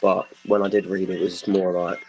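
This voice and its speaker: Deep-voiced teenage boy rambling on call. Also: flat delivery, normal speed, faint music behind, poor audio. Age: teens. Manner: mumbling, filler-heavy. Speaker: chat stranger. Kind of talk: casual chat.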